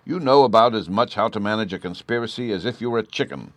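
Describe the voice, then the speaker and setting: A man's voice: fairly low pitch, fast talker, dry recording, close to an everyday voice. A man reading an audiobook, voicing a testy, scornful husband who snaps and sneers. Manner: snappish and scornful.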